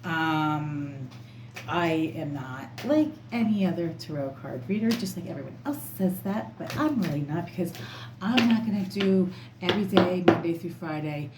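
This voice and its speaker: A woman's voice: low voice, a little mellow. Outspoken woman tarot reader, echoey room. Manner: emphatic, rambling and outspoken. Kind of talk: casual monologue to camera. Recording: echoey room, faint background noise.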